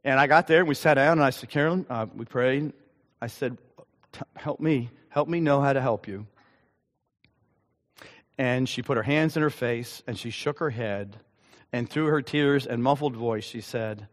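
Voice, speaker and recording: A male pastor delivering a sermon with a personal story, earnest and halting, with frequent ums. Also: mid-range voice. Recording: long hall reverb.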